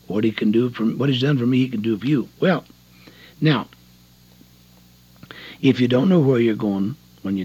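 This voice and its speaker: An older man, a prison evangelist, giving an earnest, folksy testimony sermon in a husky voice on a dull tape recording. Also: mid-range voice. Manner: folksy, earnest storytelling with rising emotional emphasis.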